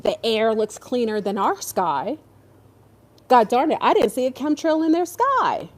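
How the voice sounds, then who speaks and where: A woman's voice: on the high side, sing-song, unhurried. A woman ranting in casual commentary, exasperated and sarcastic, now and then mocking others in put-on voices. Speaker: podcast host.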